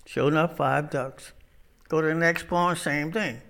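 A man preaching, his voice pitched high and bright. He drifts from folksy jokes into sermon talk with loose, casual grammar. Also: fairly even intonation, measured pace, gravelly.

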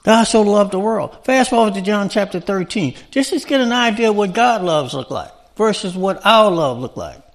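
A man with a fairly high voice preaching a sermon. He talks to the congregation conversationally and keeps checking in with rhetorical questions. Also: animated, normal speed, vocal fry, few pauses.

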